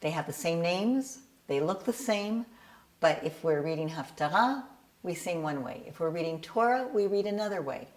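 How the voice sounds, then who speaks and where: Woman tutor, patient measured explanation, fairly low voice, sung examples. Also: expressive. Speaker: bar and bat mitzvah cantillation tutor. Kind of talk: explaining her teaching method.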